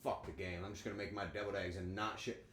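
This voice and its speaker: A man's voice: low voice, fairly even intonation, quick pace, fairly bright tone. A man streaming casually while cooking at home, joking crudely and talking back to his chat. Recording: echoey room with faint ambience.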